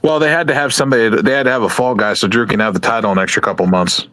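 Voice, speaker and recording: A man's voice: lowish voice, very fast, fairly bright tone, dry recording, rough recording. A man in a casual chat, blunt, profane and sarcastic.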